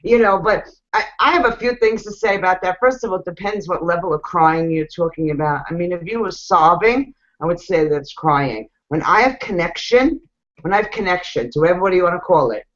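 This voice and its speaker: Low-voiced lady coach talking blunt and frank, bit of swearing, muffled lo-fi audio. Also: animated, brisk. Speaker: coaching group host. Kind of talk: casual group coaching talk.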